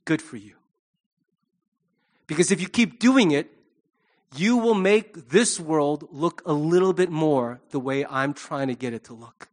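A middle-aged man preaching a sermon as pastor, animated, acting out quoted voices. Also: on the high side, unhurried, long pauses.

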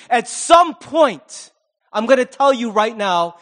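High-voiced man preaching with humor. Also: very animated, takes it slowly, sharp tone. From Asian American. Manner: conversational preaching with humorous asides and acted quotes. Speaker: pastor. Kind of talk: sermon.

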